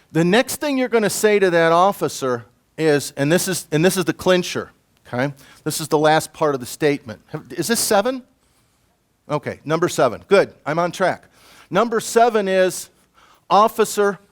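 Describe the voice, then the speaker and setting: Presenting at a conference, this middle-aged man, a self-defense instructor, speaks in a fairly high voice. He keeps the room engaged in a lively, chatty style, turning to the audience with asides and rapid questions.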